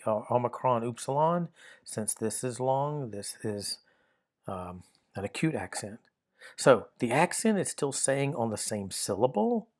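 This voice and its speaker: A man's voice: mid-range voice, darkish tone. Methodical man teaching a grammar lesson. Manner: methodical, repeats and restarts while pointing at examples.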